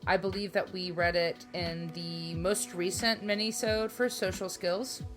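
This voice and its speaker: A woman's voice: fairly low pitch, fairly even intonation, measured pace, over music. A woman co-hosting a casual podcast, chatting in a giggly, playful, self-mocking way. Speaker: podcast co-host.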